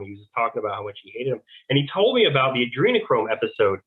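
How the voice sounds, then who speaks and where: A male interview guest tells his story in a loose, rambling way, playing out both sides of old conversations. He talks fast and barely pauses. His voice comes through a narrow, tinny phone-like line. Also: mid-range voice, lively intonation. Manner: rambling, acts out quoted back-and-forth dialogue. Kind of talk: casual testimony.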